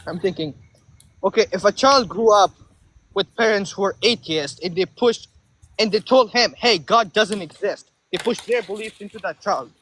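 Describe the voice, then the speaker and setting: A man with a high-pitched voice calling into an online Q&A over a video call. He speaks haltingly, searching for words and tripping over them as he asks his question. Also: fairly bright tone. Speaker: caller.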